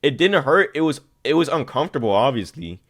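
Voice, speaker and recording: A man's voice: medium pitch, very animated, fairly quick. A young man streaming to his chat, telling a long story in a rambling, slang-heavy way and repeating "you see what I'm saying.".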